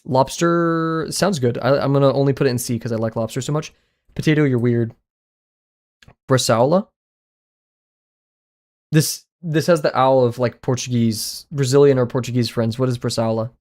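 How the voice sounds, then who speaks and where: A man streaming live, chatting casually and giving blunt, offhand verdicts, often with a quick apology. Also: mid-range voice, darkish tone.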